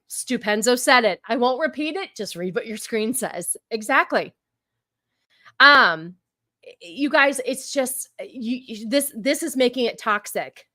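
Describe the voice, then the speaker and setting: A woman streamer reacting to clips in casual commentary, sarcastic and ranting, mocking and quick to laugh. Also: a little high, bright, forceful tone, no room sound, studio quality.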